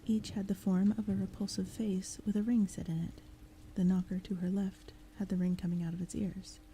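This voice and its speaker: A woman reading a story aloud in a gentle, calm, soft-spoken audiobook style, sometimes slipping into whispers. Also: medium pitch, normal speed, slight background noise, low-quality recording. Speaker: audiobook reader. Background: thunderstorm sounds.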